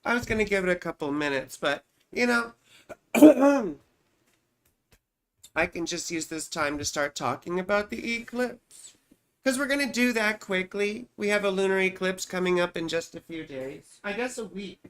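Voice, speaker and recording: A woman's voice: mid-range voice, lively intonation, measured pace, slight background noise. A woman hosting a casual livestream from home, chatty and rambling, often tagging her explanations with little check-ins to the listener. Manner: rambling, chatty, peppers explanations with "you see" and "right". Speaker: astrologer host.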